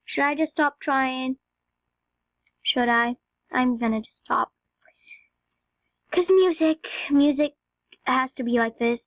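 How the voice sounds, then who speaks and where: Chatty young girl, high voice. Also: takes it slowly, pauses often, dry recording, poor audio. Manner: chatty, rambling, talks to viewers. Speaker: game video narrator. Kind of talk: casual gameplay commentary.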